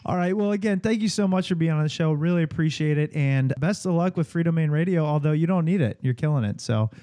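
Host: man with a higher, warm mellow voice, easygoing and friendly, dry studio sound. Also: a little fast, no echo. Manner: friendly, laughing easily. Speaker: podcast host. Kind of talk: casual interview chat.

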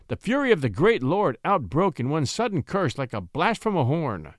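Dramatic male audiobook narrator; very animated, dry close sound. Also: on the high side, moderate pace, no room sound. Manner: expressive, theatrical.

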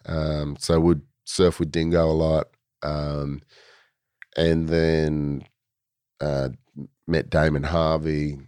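A man's voice: very deep voice, flat delivery, slow, pauses often, a little mellow, clear, resonant tone, no room sound. An Australian man in his forties, a guest telling stories in a laid-back, rambling way with plenty of fillers. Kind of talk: casual storytelling.

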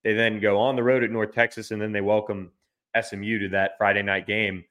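A man's voice: lowish voice, flat delivery, brisk, fairly bright tone. A man, a sports reporter guesting on a podcast, giving casual unscripted analysis while thinking aloud, with frequent restarts and fillers.

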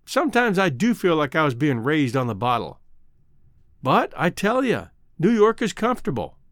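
A man's voice: a little high, huge pitch swings, normal speed, dry recording, studio quality. A man reading aloud and voicing a former cowboy turned city dandy, speaking mildly and apologetically. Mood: wistful. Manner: mild, apologetic and wistful. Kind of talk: dramatic reading of a short story.

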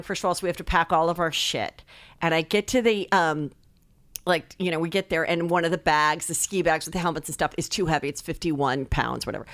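A middle-aged woman, a comedian, telling animated stories full of fillers and swearing, acting out other people's voices. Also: on the low side, no echo. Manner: many filler likes. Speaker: guest comedian. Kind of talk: casual storytelling chat.

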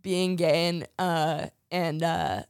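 Chatty woman co-host with quick quips. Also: low voice, animated, clear, resonant tone, no room sound, studio quality. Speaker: co-host comedian. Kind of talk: casual podcast chat.

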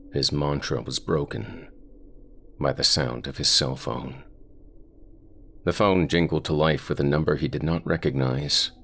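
A man narrates a scripted horror story in a slow, brooding way. His voice sits very low and has a gravelly fry. He takes his time with every line. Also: a bit bright, slight background noise.

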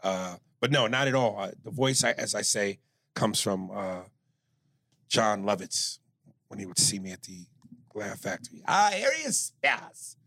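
A man's voice: lowish voice, steady tone, normal speed, fairly bright tone, dry recording. A man co-hosting a comedy podcast, joking crudely and reading listener emails aloud. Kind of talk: casual podcast chat.

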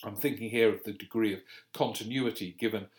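A man hosting a political podcast, reading listener questions and answering them in a halting way, full of fillers and self-corrections. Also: fairly low pitch, fairly even intonation. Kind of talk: casual political commentary.

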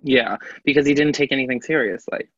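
A woman's voice: extremely low pitch, fairly quick, no echo. A woman co-hosting a podcast in casual chat, gossipy and given to acting out quotes. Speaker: podcast co-host. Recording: dry, slightly dull sound.

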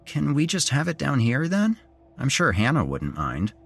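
A man voicing a mocking, melodramatic twelve-year-old boy in a narrated story, with a husky voice. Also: medium pitch, wildly swooping pitch, moderate pace, voice pushed up, full character voice. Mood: sardonic.

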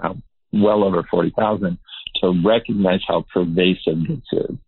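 Man, behavior researcher, earnest explainer, lowish voice, dry close sound. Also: steady tone, normal speed, gravelly, husky, dry recording. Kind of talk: interview guest explaining. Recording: tinny phone-like line.

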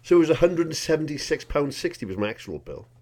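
A Welsh man co-hosting a comedy podcast, telling a story in a casual, animated way, swearing freely and acting out the dialogue. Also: fairly high pitch, fast talker. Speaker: podcast co-host.

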